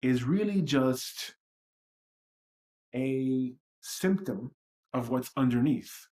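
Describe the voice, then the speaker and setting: A man's voice: mid-range voice, expressive, drawn-out words, a little mellow. Blunt, profane man musing on a livestream. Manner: blunt, profane and self-reflective. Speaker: livestream host. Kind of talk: candid livestream monologue.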